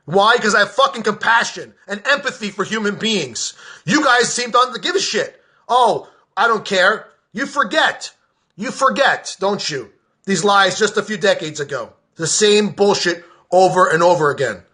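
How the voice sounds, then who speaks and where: High, bright-voiced man ranting angrily. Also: expressive, moderate pace. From United States. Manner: heated, profane, sarcastic. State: agitated. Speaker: veteran political commentator. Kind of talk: angry political rant.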